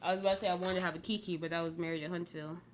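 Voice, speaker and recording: A woman's voice: fairly low pitch, steady tone, very fast, a little hiss or hum. A woman hosting a casual reality TV recap, chatting in a rambling way full of "like". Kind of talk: casual chat review.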